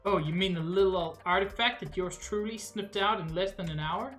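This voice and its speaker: A woman's voice: medium pitch, fairly quick, faint music behind, lightly acted. A woman voicing a boastful, scrappy scavenger sidekick in a game, telling tales with swagger. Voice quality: boastful, storytelling.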